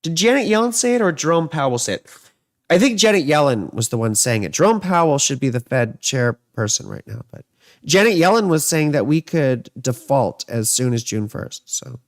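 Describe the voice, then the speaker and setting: Chatty, gravelly-voiced man giving horoscope readings. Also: a little high, lively intonation, moderate pace, no echo, clean studio sound. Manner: chatty, rambling, digressive. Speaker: astrologer and tarot reader. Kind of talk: casual live horoscope reading. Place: home living room.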